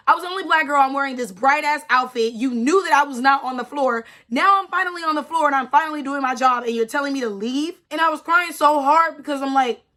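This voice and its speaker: A woman's voice: high-pitched, brisk, few pauses, sharp tone. A young woman in her twenties telling a personal story in a casual vlog, emphatic and repeating herself with lots of "like". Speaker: storytime vlogger.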